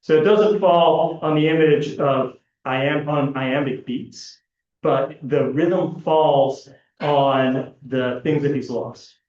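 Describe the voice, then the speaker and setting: A man's voice: medium pitch, steady tone, slow, darkish tone. A man presenting an academic paper at a conference panel, reading a prepared analysis with occasional fillers and restarts. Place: large lecture hall. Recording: echoey hall, distant, dull lo-fi.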